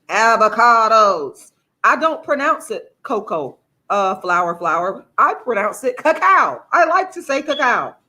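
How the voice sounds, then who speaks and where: A vlogger with a bright, forceful, fairly high voice chats casually and emphatically with her livestream viewers, calling them "y'all."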